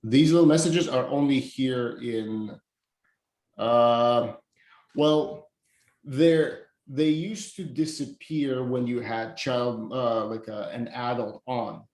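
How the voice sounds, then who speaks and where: A man's voice: mid-range voice, steady tone, takes it slowly, a little mellow, roomy sound. A man co-running an app project, chatting casually with jokes and stammered restarts. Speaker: app co-founder. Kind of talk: casual work chat.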